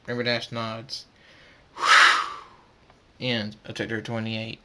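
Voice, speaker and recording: Slow, stumbling male story reader. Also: lowish voice, monotone, pushed and bright. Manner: halting, repeats and stumbles over words. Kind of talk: amateur story reading.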